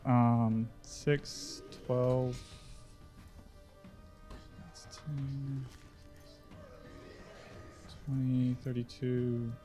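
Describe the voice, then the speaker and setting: A man takes his turn at a tabletop game, talking slowly and counting his dice out loud. His pitch is ordinary. Soft music hums behind him. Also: flat delivery. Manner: unhurried, counts dice aloud. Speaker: player.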